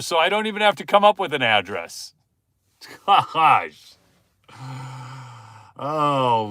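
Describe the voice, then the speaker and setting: A man hosting a rambling political livestream at a middling pitch. He chats straight to his viewers and swings between grumbling asides and loud, exasperated exclamations. His voice is dry and close, with no room around it. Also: very animated, slow pace, long pauses, smooth, no echo. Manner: chatty, talks straight to viewers, asks the chat questions. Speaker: livestream host.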